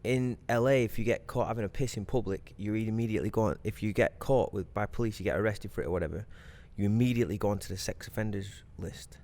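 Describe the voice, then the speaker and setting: A man's voice: lowish voice, fast talker, few pauses, a little mellow. A man co-hosting a casual podcast chat, swearing freely and pushing back with questions. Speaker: podcast co-host.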